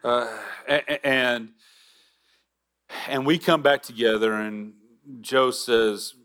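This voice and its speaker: A man preaching a sermon as pastor, earnest, with halting restarts and drops to a near whisper for emphasis. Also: mid-range voice, a bit bright, clean tone.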